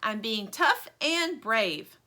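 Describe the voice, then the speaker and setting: Give me a woman doing a prim plush stingray, fussy and complaining, lively and bright. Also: high-pitched, fairly quick, voice pushed up, exaggerated voice.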